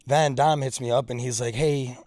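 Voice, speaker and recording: A man's voice: mid-range voice, moderate pace, no echo. A man turning thirty co-hosting a casual podcast chat, telling stories with acted-out quotes and a lot of swearing. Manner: animated storyteller, acts out quotes, swears a lot. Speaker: podcast co-host.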